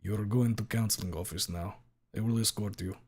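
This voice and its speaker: A man voicing a huge, gruff male literature teacher with a Russian accent, giving curt commands. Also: on the low side, steady tone, a little fast, darkish tone. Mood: commanding.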